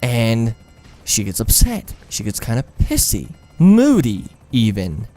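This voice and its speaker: A man's voice: medium pitch, big pitch swings, measured pace, a little mellow. A young man telling a personal story over gameplay in a rambling, profane, frank way. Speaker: gaming storyteller.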